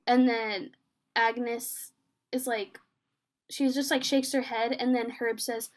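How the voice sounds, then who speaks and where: High-voiced young woman, excited recap. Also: slow pace. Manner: excited, filler-heavy retelling, acts out the scenes in quoted voices. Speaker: podcast co-host recapping a TV episode. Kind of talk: casual chat.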